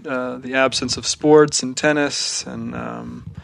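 Flat-voiced young man, halting. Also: medium pitch, vocal fry, no echo. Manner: halting, many fillers and restarts, thoughtful. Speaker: podcast co-host. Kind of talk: reflective faith discussion.

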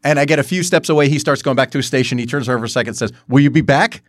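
A man's voice: medium pitch, rapid-fire, no echo. A man co-hosting a casual podcast, cracking jokes and asking questions. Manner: joking, chimes in with wisecracks and questions. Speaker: podcast co-host. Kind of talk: casual chat.

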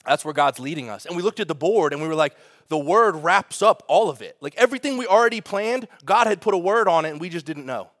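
A male pastor delivers a sermon in a high, bright register. He talks conversationally and with energy, turning aside to speak directly to the congregation. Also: animated, fast, few pauses.

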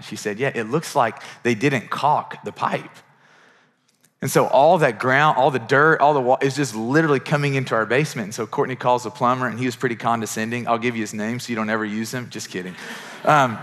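A man's voice: medium pitch, fast talker, fairly bright tone. A middle-aged male pastor preaching a sermon in a conversational, earnest way, often repeating words as he builds a point.

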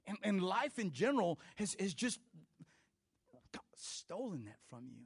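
Male pastor, middle-aged, high voice, dry close sound, chatty sermon delivery with restarts and jokes. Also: unhurried, vocal fry, slightly rough, no room sound. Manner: conversational and animated, with many restarts and playful asides.

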